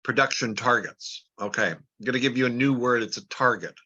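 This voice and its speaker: A man's voice: medium pitch, brisk, pushed and bright, lo-fi sound. A man explaining a business plan chart step by step, plain and repetitive, often restarting words. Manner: plain, repeats words, talks through numbers step by step. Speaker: business trainer.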